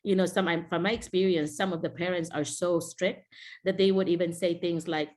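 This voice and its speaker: A woman's voice: fairly low pitch, steady tone, brisk, a little mellow. A middle-aged woman from the Philippines with a Filipino accent, a teacher mentor talking casually on a video call, telling classroom stories and often quoting people with a laugh. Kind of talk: casual Zoom talk to teachers.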